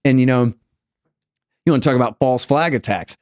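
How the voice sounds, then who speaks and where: A man from the United States, a podcast guest, talking in an animated way and acting out the people he quotes. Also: mid-range voice, moderate pace, no echo, clean studio sound. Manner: animated storyteller, acts out quoted voices. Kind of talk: conversational interview.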